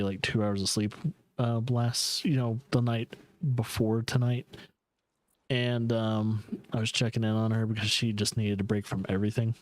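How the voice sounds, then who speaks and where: A man's voice: mid-range voice, a little mellow. A young man streaming a game, chatting casually and telling a rambling family story with frequent fillers and laughs. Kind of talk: casual chat while gaming.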